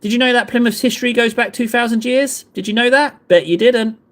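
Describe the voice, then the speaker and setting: A man's voice: extremely high pitch, fairly even intonation, fairly quick, a bit bright. A man, chatting casually with live viewers in a rambling, self-deprecating way. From England. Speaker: livestream host.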